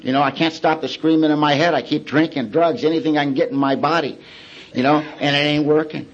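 A man giving a personal testimony at a recovery meeting, telling his story in colloquial, plain-spoken words with dark humor. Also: fairly high pitch, fairly even intonation, fast, muffled recording.

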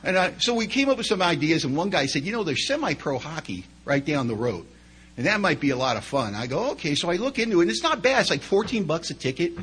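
Middle-aged man, slightly raised pitch, easygoing storyteller at a meeting, conversational with asides. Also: lively intonation, fast talker, a bit bright, breathy edge, poor audio. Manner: conversational, chatty with many asides. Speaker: speaker sharing at a recovery meeting. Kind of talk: storytelling talk.

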